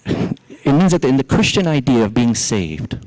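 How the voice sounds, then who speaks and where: A male pastor with a Southern US accent preaching a sermon, telling a story in an animated way and speaking directly to the congregation. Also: mid-range voice, a little slow, rough recording.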